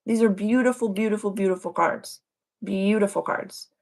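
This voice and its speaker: Effusive woman livestream host, mid-pitched, gushing, repetitive. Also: normal speed, gravelly, a little mellow. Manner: effusive, gushing, repeats phrases. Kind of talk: casual live-stream chat.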